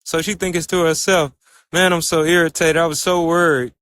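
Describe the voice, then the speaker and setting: A man with a somewhat raised pitch recaps an episode in a loose, conversational way. He chains one scene to the next, quoting the characters in his own plain voice. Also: level tone, normal speed, fairly bright tone, clear, resonant tone. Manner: retells scenes with running "and so" and "she says". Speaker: anime recap reviewer. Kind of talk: casual story recap.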